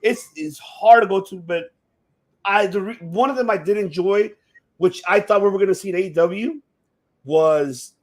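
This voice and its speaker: A man hosting a casual chat show, talking excitably with lots of swearing and restarts. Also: high voice, normal speed. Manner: excitable, profane, rambling with many restarts. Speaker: podcast host. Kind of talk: casual chat about wrestling.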